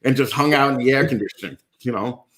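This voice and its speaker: A man's voice: medium pitch, fast, fairly bright tone. A man with a New York accent chatting as a podcast guest, profane and rambling, poking fun at himself. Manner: profane, rambling, self-mocking. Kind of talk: casual chat. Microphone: video call.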